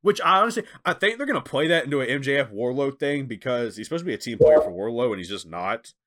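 A man co-hosting a casual chat who talks in an animated way and acts out quotes in different voices. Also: medium pitch, fast. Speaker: podcast co-host.

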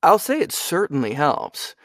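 A man's voice: fairly high pitch, sing-song, measured pace, a bit bright, dry recording. Young male voice actor, casual and talkative, dry close sound. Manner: chatty, asks "you know what I mean?" a lot. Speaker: voice actor and audiobook narrator. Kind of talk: casual interview chat.

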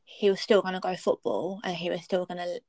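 A woman's voice: on the low side, level tone, a little fast, a little mellow, no room sound. A young woman, candidly telling a personal story in casual chat, blunt and swearing freely.

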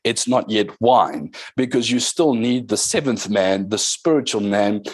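A man's voice: lowish voice, expressive, unhurried, slightly rough, no room sound. A man preaching a sermon as pastor, with emphatic calls to the congregation and short passages in tongues.

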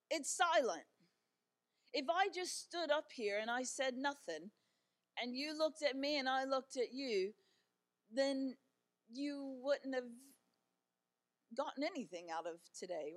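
A middle-aged woman giving an encouraging talk as a guest speaker, telling stories in a chatty way with fillers and light humor. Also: high-pitched.

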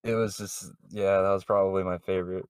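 A man's voice: deep voice, little pitch movement, a little fast, clear, resonant tone, dry recording, studio quality. A man hosting a casual podcast chat, rambling with many fillers and chuckling often. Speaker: podcast host.

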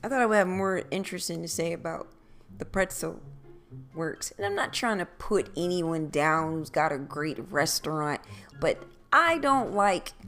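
A woman's voice: mid-range voice, a bit bright. A woman from Philadelphia hosting her own podcast, rambling casually, playfully repeating phrases, her voice a little scratchy at times. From Philadelphia, USA. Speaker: podcast host. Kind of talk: casual solo podcast monologue.

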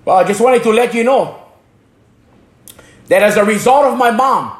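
Speaking at normal speed in an echoey room, a very high-voiced preacher from Hana, Maui, Hawaii delivers a fervent religious testimony. He trips over his words and says some phrases more than once.

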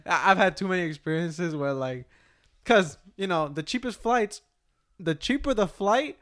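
A young man co-hosts a laid-back podcast, talking bluntly and peppering his talk with slang. His voice sits a little high for a man and sounds smooth and clear. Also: lively intonation, normal speed, fairly bright tone. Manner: blunt, slangy, says bro a lot. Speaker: podcast co-host. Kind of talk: casual chat.

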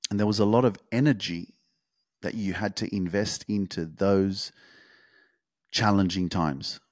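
A male podcast host with a low voice speaks a little slowly in an intense, motivational monologue. His pep talk is full of swearing, repetition and emphasis, captured as a dry, studio-quality recording.

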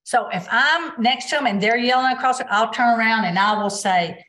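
A woman's voice: mid-range voice, brisk, hardly any pauses. A woman, a basketball official, answering interview questions on a video call and acting out what she says on court. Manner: animated storytelling, acts out quotes.

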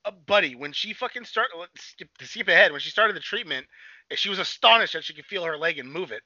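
Fast-talking young man, profane rambling recap. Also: high-pitched, expressive, pushed and bright, dry recording. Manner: rambling, swears freely, acts out characters in quick voices. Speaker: podcast co-host. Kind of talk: casual profane chat recapping a TV episode. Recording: dull lo-fi sound.

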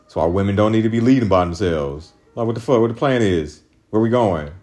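A man with a fairly low voice rants through a solo podcast monologue, rambling and swearing hard. His voice jumps up sharply when he mimics others. Faint music plays under his talk. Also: brisk, warm tone. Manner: profane, rambling, agitated. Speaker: podcast host.

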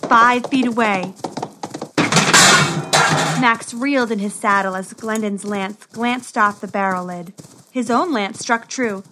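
A woman narrating a storybook adventure in a steady, expressive way. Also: medium pitch, a little hiss or hum.

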